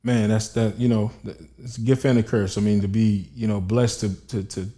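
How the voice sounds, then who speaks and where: A man hosting a podcast, his voice low and mellow. He asks his questions haltingly, piling up fillers along the way. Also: little pitch movement. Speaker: podcast host. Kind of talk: casual interview.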